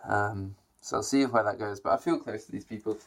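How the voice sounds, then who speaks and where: A man's voice: lowish voice, fairly quick. A young man vlogging to his camera in a rambling, reflective way, with many fillers and restarts. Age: young adult. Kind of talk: casual talk to camera.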